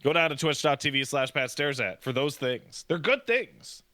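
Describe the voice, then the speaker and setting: A man's voice: mid-range voice, fairly even intonation, normal speed, pushed and bright, no room sound. A man co-hosting a podcast in casual banter, ranting in an exasperated tone and swearing often. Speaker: podcast co-host.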